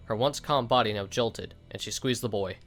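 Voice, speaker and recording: A man's voice: fairly low pitch, moderate pace, fairly bright tone, faint music behind. A young man narrating a game's story aloud, reading the text in a casual way and breaking in with joking reactions. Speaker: let's play host.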